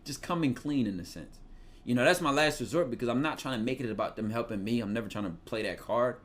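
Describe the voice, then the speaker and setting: A man with a Philadelphia accent talks through advice in a casual, streetwise way. His speech is loose and slangy, with profanity mixed in, and his pitch sits mid-range for a man. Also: fast. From Philadelphia, USA. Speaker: podcast host giving advice.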